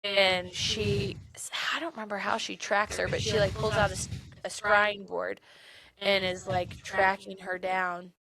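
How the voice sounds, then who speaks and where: Chatty young woman with a gravelly edge. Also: medium pitch, measured pace, background noise. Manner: chatty, animated retelling with many "like"s. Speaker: podcast co-host. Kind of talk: casual book discussion.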